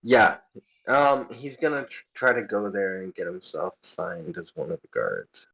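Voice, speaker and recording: A man's voice: low voice, a little slow, vocal fry, fairly bright tone, slightly rough, rough recording. A man playing in a tabletop game, casual, laughing and swearing. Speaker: player.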